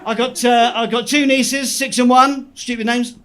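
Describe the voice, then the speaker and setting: A man doing stand-up in a club, delivering one-liners deadpan, with the odd quick chuckle at his own jokes. His voice sits notably high for a man. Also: noisy background. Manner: deadpan joke delivery with quick self-laughs. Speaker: stand-up comedian. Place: comedy club stage.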